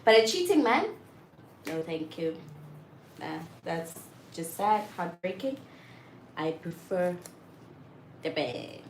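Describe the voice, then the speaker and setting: A young woman chatting candidly and frankly, often getting loud and exasperated as she makes her point. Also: on the low side, big pitch swings, takes it slowly, long pauses. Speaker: vlogger. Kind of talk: candid casual chat. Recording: roomy echo with faint background noise.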